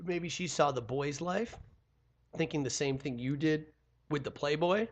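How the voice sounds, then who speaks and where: A man's voice: on the high side, a little slow. A man co-hosting a casual podcast, cracking crude jokes and cutting into the conversation with wisecracks. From New York State. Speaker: podcast co-host. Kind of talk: casual chat, joking banter.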